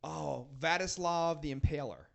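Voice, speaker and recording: A man's voice: on the high side, a little slow, creaky, fairly bright tone. A man guest on a podcast, telling rambling, profanity-laced stories in casual chat. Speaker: podcast guest, rock band frontman.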